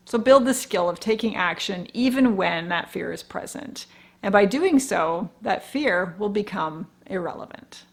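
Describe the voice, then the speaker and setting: A woman in her forties talks through her solo podcast in an earnest, encouraging tone. Her voice carries a steady gravelly fry, and she sits at a middling pitch. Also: normal speed. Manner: earnest, encouraging, mildly profane. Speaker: podcast host. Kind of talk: casual solo podcast talk.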